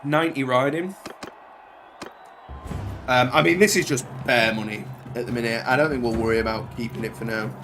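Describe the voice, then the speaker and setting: A man's voice: medium pitch, moderate pace, pauses often, music in the background. A man commentating his own game playthrough, chatty and bantering as he swears at the soldiers on screen. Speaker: gaming channel host. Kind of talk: let's play commentary.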